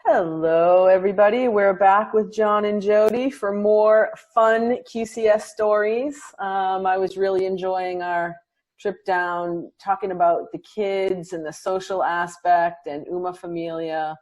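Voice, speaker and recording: A woman hosting an interview, introducing her guests and asking unhurried questions with frequent ums. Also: mid-range voice, steady tone, dull audio. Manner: slow, warm-hearted with filler ums.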